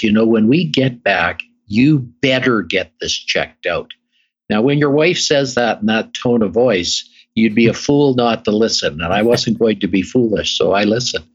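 Husky-voiced man telling his story. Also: medium pitch. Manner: emphatic storyteller who repeats phrases. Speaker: guest. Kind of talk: interview storytelling. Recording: dull lo-fi recording.

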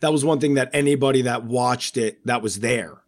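A man's voice: mid-range voice, a little fast. Rambling man recalling things with feeling. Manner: rambling and emotional, many fillers. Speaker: podcast co-host and former contestant. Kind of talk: casual chat.

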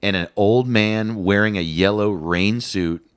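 A man's voice: on the low side, measured pace, clean tone, no echo, clean studio sound. A man co-hosting a comedy podcast, telling stories in casual banter and laughing often. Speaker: podcast co-host.

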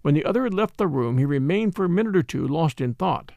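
Brief: male audiobook narrator, slightly high voice, measured and expressive, dry booth sound. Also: gravelly, no room sound, dull audio. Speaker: audiobook reader. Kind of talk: scripted narration.

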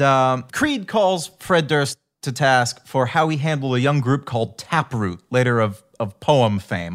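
A man co-hosting a podcast, telling a story in casual chat and reading quotes aloud in a chipper tone. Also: mid-range voice. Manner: animated storyteller, reads in a chipper tone. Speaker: podcast co-host.

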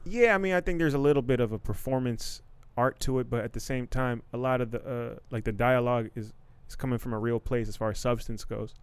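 A man's voice: medium pitch, fairly quick, hardly any pauses, smooth, dry recording. A young man hosting a casual podcast chat, laid-back and full of "you know what I mean". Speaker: podcast host.

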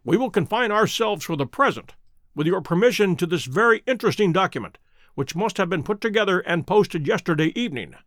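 A man voicing a keen, self-assured detective who speaks crisply and precisely, in a dry close recording. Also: high-pitched, animated, brisk, a bit bright, no room sound. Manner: crisp, precise and pleased with himself.

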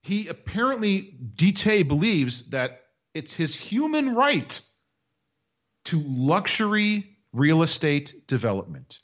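A man's voice: on the high side, sing-song, slow pace, fairly bright tone, lo-fi sound. A man co-hosting a casual podcast, telling a news story with mocking sarcasm. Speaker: podcast co-host. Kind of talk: casual chat.

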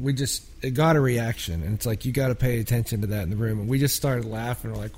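A man's voice: mid-range voice, fairly quick, hardly any pauses, a little mellow. A man from a small town in Pennsylvania, a songwriter telling rambling, filler-heavy stories in a casual interview. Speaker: songwriter guest.

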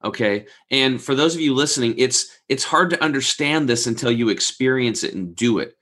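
A man's voice: medium pitch, expressive, a little fast, fairly bright tone. A man in his forties telling a long personal story in casual conversation, acting out the people he quotes and swearing freely. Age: 40s. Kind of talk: casual podcast chat.

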